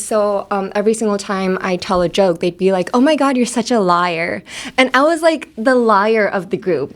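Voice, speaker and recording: Chatty American woman teaching phrases. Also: mid-range voice. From United States. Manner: chatty, laughs often, slows down to spell out sounds. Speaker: host. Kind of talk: casual language lesson.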